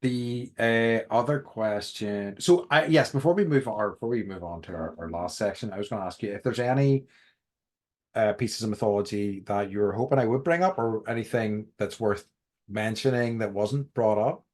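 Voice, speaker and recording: A man's voice: lowish voice, normal speed. An Irish man co-hosting a podcast, rambling with many restarts and fillers in casual chat. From Ireland. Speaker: podcast co-host.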